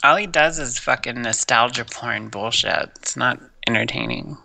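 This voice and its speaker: A man's voice: medium pitch, normal speed, creaky, sharp tone, no echo, poor audio. A man co-hosting a casual chat, blunt and heavy on profanity.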